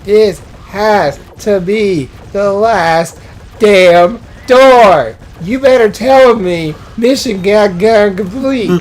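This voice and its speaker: A man's voice: high voice, very slow. A man giving casual commentary while playing a co-op game, exasperated and exclaiming, laughing often. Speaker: co-host gamer.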